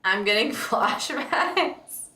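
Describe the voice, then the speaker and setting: A giggly woman streamer chats casually on a livestream, teasing and breaking into laughter often. Her voice sits a little high. The sound has a roomy echo around it. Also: lively intonation, extremely slow, sharp tone. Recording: echoey room.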